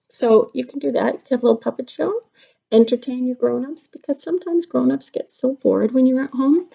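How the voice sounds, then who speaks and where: A middle-aged kindergarten teacher chatting playfully to young children during a craft lesson at home. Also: female voice, fairly high pitch, normal speed, vocal fry, mellow. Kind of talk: casual craft lesson to camera. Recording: dull lo-fi home video.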